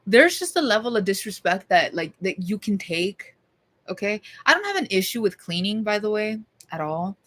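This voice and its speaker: A woman's voice: mid-range voice, big pitch swings, moderate pace. A young woman vlogger talking casually to her camera, rambling, swearing and mocking herself.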